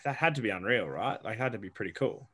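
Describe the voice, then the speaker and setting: A man's voice: lowish voice, animated, fast talker, pushed and bright. A man co-hosting a podcast, asking long enthusiastic questions in a casual way. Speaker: podcast co-host. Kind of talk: casual interview chat.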